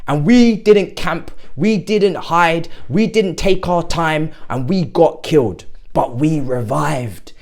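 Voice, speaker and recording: A young man hosts a fan reaction video. He sounds giddy and excitable, with lively, jumpy intonation and a slightly high voice. His excitement breaks out in sudden loud bursts. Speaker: football fan channel host.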